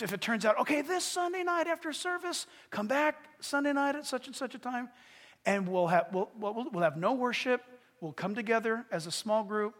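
Guy pastor preaching in a church, high voice, goes from hushed to shouting, echoey hall. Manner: animated, swings from hushed to shouting. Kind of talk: sermon.

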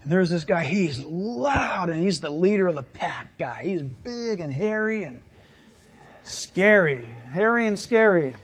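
Older male pastor, high voice, lively storytelling sermon delivery. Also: measured pace. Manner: animated, jokey storyteller with rising excitement.

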